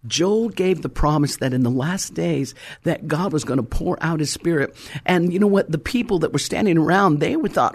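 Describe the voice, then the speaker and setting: Fervent higher-voiced male preacher. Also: normal speed. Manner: fervent, emphatic, calls to the congregation. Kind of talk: sermon.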